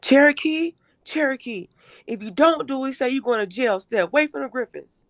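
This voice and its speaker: A woman's voice: high-pitched, animated, fairly quick, dry recording, voice pushed up. A woman voicing a scared young woman pleading. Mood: frightened.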